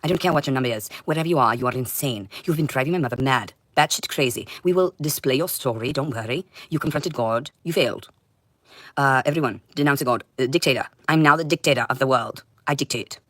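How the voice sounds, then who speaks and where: A woman delivering a rambling livestream monologue in an intense, confrontational way, swinging between loud outbursts and low muttering. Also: fast talker, no room sound.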